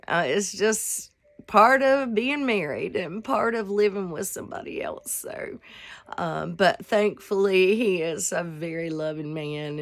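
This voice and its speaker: Female vlog host, 60s, unhurried pace, a bit of vocal fry, heartfelt and wandering devotional talk. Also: fairly low pitch. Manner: rambling, heartfelt, with fillers.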